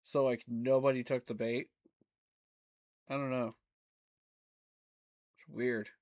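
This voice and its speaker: Fan host, man, unhurried, mid-pitched, incredulous ranter. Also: level tone, a little mellow. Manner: incredulous, ranting, laughing asides. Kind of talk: casual reaction commentary.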